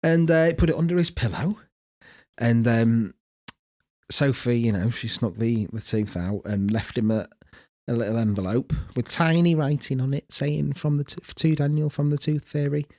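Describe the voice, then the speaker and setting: A man co-hosts a podcast, telling family stories with lots of swearing and laughter in casual banter. His medium-pitched voice is a little mellow, with fairly even intonation and a moderate pace.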